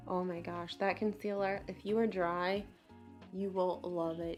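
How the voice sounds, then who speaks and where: A bubbly woman in her late twenties talks through her makeup routine in a casual, chatty way. Her voice sits at a middle pitch, and she drops in self-deprecating asides. Soft music plays faintly behind her. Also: fairly even intonation, unhurried. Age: late 20s. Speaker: beauty vlogger. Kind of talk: casual makeup tutorial chat.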